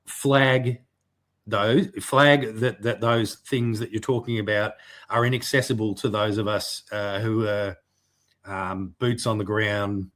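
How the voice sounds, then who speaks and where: A man's voice: fairly low pitch, steady tone, slow, a bit bright. A man co-hosting a podcast, speaking in a hesitant, mock-indignant casual chat with many fillers. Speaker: podcast co-host.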